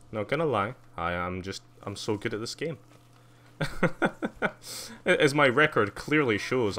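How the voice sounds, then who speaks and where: A man commentates his own gameplay live in a lowish voice with very lively swings in pitch. He is excitable and self-mocking, squealing at jumps and laughing as he chats with his viewers. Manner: excitable, squeals gleefully at jumps and mocks himself; chats with viewers while playing, laughs often. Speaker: streamer playing a video game.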